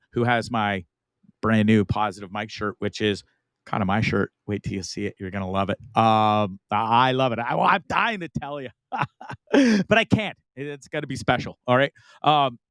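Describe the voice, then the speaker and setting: A man's voice: medium pitch, smooth, no room sound. Rambling, upbeat middle-aged man hosting. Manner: rambling, enthusiastic, frequent laughs and asides. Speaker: host of a live online talk show. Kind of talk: casual live-stream chat.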